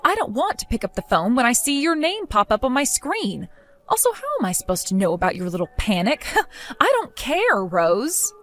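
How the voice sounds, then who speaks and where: A woman playing a sarcastic, fed-up young wife. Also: a little high. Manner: sarcastic, mocking, dismissive.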